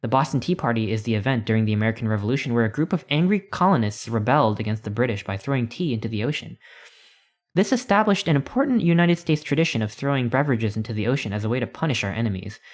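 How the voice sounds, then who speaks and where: A man's voice: medium pitch, expressive, fast talker, lightly acted. A man voicing a pompous old tour guide in colonial dress, read from a text adventure. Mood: proud lecturing. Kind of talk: reading a text adventure aloud.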